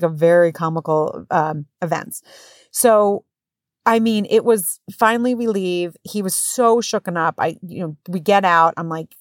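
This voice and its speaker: A woman in her thirties hosting a podcast, telling a story in a casual, animated way with swearing and acted-out quotes. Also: on the low side, no echo, studio quality. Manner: animated, swearing, acts out quotes in raised voices. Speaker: podcast host.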